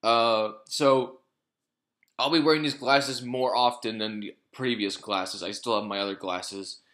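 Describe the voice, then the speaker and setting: A man's voice: medium pitch, steady tone, measured pace, fairly bright tone. A man talking casually to his vlog audience in a rambling way, with lots of fillers, restarts and swearing. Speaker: vlogger.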